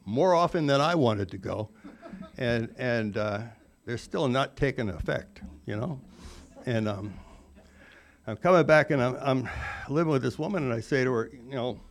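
A man in his forties telling a rambling, self-mocking personal recovery story, full of "you know" asides. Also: mid-range voice. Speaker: recovery speaker.

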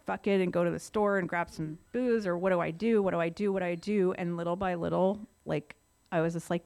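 A middle-aged woman with a somewhat low voice shares her recovery story. She talks in a candid, conversational way and leans on casual fillers as she goes. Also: fairly even intonation, normal speed, gravelly, a little mellow. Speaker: speaker sharing her story.

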